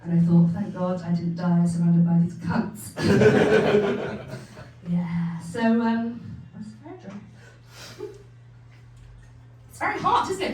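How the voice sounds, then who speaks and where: A young woman from England performing a stand-up set, chatty and self-mocking, laughing often as she acts out her family. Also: mid-range voice. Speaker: stand-up comedian. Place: comedy club stage. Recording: echoey venue from far off, faint hum.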